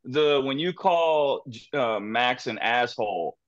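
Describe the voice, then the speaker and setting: A man's voice: medium pitch, animated, slow, no room sound. A man on a panel, chatting casually and laughing a lot as he retells scenes. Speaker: cast member on a panel. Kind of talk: casual chat. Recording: muffled lo-fi audio.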